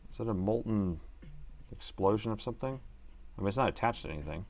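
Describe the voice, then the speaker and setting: Man, lowish voice, live repair host, casual chatter, half-muttered asides. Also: expressive, fast talker, darkish tone. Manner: muttering to himself, then chatty to viewers.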